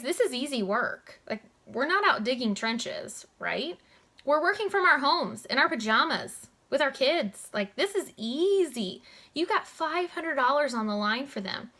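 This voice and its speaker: A young woman giving a motivational coaching talk to her network marketing team, talking in a direct, animated way and saying "like" and "guys" a lot. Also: high voice.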